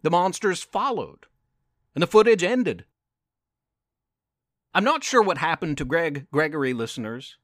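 A man tells a story and reads poems with a high, lively voice that rises and falls a lot. He takes his time over each line, gentle and encouraging. The sound is close and dry. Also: measured pace, pauses often, no echo. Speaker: podcast host and storyteller. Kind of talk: scripted storytelling narration.

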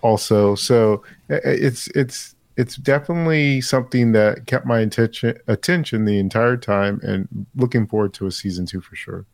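A man's voice: fairly low pitch, normal speed, vocal fry, few pauses, dry recording. A man in casual podcast chat, hesitant and groping for words, with many ums.

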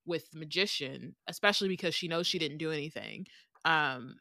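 Brief: podcast co-host woman, low-pitched, dry close sound, chatty. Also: brisk, gravelly, sharp tone, dry recording. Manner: chatty, many fillers, laughs easily. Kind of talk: casual book discussion and reading aloud.

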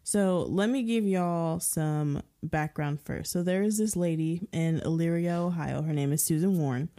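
A woman's voice: lowish voice, normal speed. A woman co-hosting a podcast in casual chat, telling stories with lots of giggles. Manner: giggly, animated storytelling. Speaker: podcast co-host.

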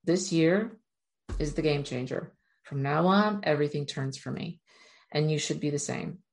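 A woman with a low, deep-set voice speaks straight to her viewers in an earnest, encouraging motivational talk. She addresses them directly and keeps urging them on. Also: normal speed. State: near tears at moments. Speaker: self-help speaker.

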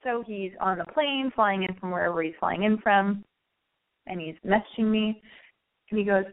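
A woman's voice: medium pitch, moderate pace. A woman telling a casual, exasperated story to her listeners, acting out the quotes as she goes. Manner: animated, exasperated, acts out quotes; chatty, addresses listeners directly. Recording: tinny phone-like line.

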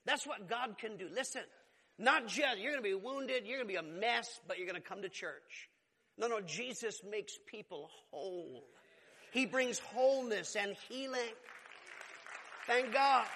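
A pastor delivers an emphatic sermon in a bright, ringing voice that sits high for a man. His exclamations climb in force as he preaches. Long reverb from a church hall trails each phrase.

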